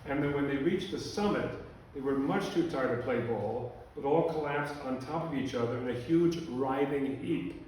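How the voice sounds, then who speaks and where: A man reading a humorous account to a live audience in a dry, deadpan way. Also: mid-range voice, moderate pace, slight background noise. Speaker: storyteller. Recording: echoey room from a distance.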